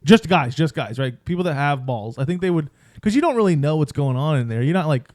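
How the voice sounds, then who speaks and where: A man's voice: on the high side, expressive, fairly quick, a little mellow, dry recording, studio quality. A man co-hosting a casual podcast, rambling and hedging with lots of "like" and "I think". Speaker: podcast co-host. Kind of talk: casual chat.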